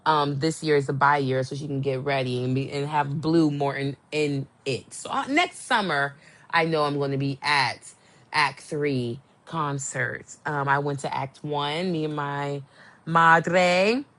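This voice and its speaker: Young adult woman podcast host, chatty and gossipy, unhurried, very expressive pitch. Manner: animated, gossipy, swooping exclamations. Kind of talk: casual chat.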